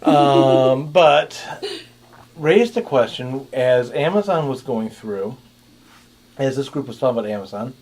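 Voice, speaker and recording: A man's voice: medium pitch, expressive, unhurried, darkish tone. A man hosting a podcast panel, talking animatedly with sarcastic asides. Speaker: podcast host and producer. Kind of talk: casual panel chat.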